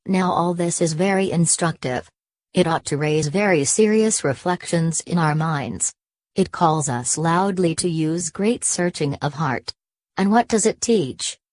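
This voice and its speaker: Woman with a deep voice, dry recording, steady formal read of religious commentary. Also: dry recording. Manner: measured, even reading. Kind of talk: formal reading of an old commentary.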